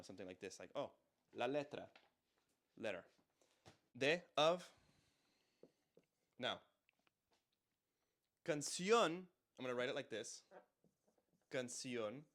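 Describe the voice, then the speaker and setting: A man walks through grammar in a relaxed, chatty teaching voice. He sits at a middle pitch and keeps coming back to repeat short example phrases aloud. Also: measured pace, pauses often. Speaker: Spanish teacher. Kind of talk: casual explanatory lesson.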